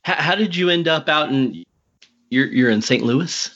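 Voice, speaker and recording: A man hosting a podcast interview, excitable and rambling, often breaking into laughter. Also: on the high side, moderate pace, highs cut off. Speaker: podcast host. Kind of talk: casual interview chat.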